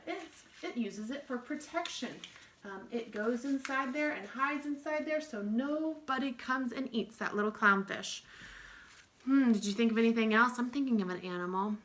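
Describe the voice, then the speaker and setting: A woman's voice: on the high side, moderate pace, fairly bright tone. A woman teaching young children, in a sing-song voice, stretching out sounds and sometimes dropping to a whisper. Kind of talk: early-years lesson.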